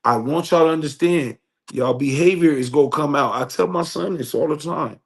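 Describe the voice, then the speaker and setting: A man's voice: fairly high pitch, moderate pace, vocal fry. A man co-hosting a podcast in casual chat, earnest and preachy, repeating himself as he makes a point. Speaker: podcast co-host.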